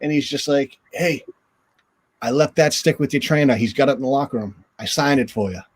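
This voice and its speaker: Animated man telling stories. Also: mid-range voice, a little fast, slight background noise. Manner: animated, acts out quotes in raised voice. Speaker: former hockey goalie, guest. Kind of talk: storytelling in an interview. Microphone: video call.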